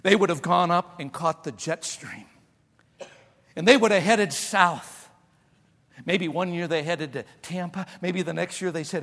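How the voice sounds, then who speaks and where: A man preaching a sermon in a large church hall, telling folksy stories that swing from soft asides to shouted emphasis. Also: a little high, moderate pace. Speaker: pastor.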